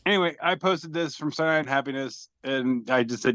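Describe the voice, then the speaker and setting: A man's voice: medium pitch, fairly even intonation, a little fast, dry recording, lo-fi sound. A man hosting a podcast over a video call, describing memes aloud in a rambling, self-deprecating way with casual swearing. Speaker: podcast host reading memes.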